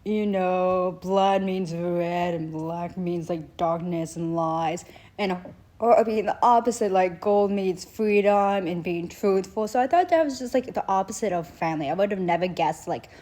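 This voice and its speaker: A woman's voice: fairly low pitch, unhurried, warm tone. A young woman casually recapping a show, rambling with lots of filler words and acting out the characters' lines. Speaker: show reviewer.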